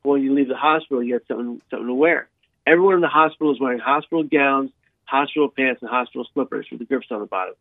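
A man telling a long personal story in an interview, animated, with frequent restarts and repeated words. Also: mid-range voice, racing, no echo. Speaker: guest sharing his life story. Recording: dry tinny phone-like sound.

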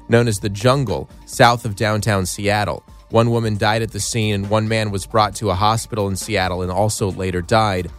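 A man hosting a radio morning show, reading news in a measured way and joking easily with his co-hosts. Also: fairly low pitch. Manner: measured newsreader delivery that gives way to easy laughter.

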